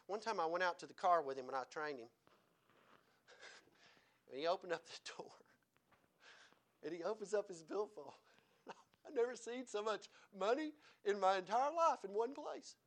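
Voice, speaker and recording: A male preacher giving a sermon, his pitch and loudness rising and falling widely as he preaches. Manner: animated preaching, pitch and volume swinging widely.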